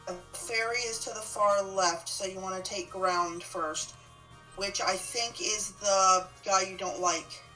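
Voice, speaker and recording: A woman's voice: medium pitch, fairly even intonation, unhurried, pushed and bright, far from the mic, soft background music, poor audio. A woman co-playing on a game stream, talking casually with many hesitations and restarts. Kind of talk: casual gaming chat.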